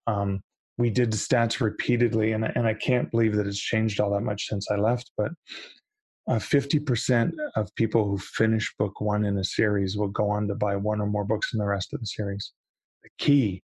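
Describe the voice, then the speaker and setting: Husky-voiced man chatting animatedly. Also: fairly low pitch, no echo. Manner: animated, acts out quoted voices, frequent restarts. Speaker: podcast guest, publishing industry veteran. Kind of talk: casual podcast conversation.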